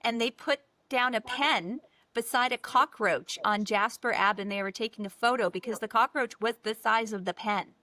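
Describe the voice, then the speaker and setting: Bright-voiced woman in easy chat. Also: fairly high pitch, moderate pace. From Canada. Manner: relaxed conversational, short reactions. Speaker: podcast co-host. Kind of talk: casual chat.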